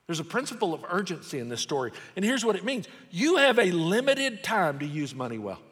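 A middle-aged man preaches a sermon, his voice sitting a bit high and moving around a lot. He tells stories in an easy, conversational way, and the long reverb of a large hall trails behind him. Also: brisk. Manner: storytelling, animated and conversational. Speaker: pastor.

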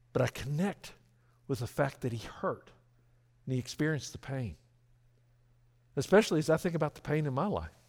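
A middle-aged man preaching a sermon as pastor, earnest and lively, with frequent restarts. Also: fairly high pitch.

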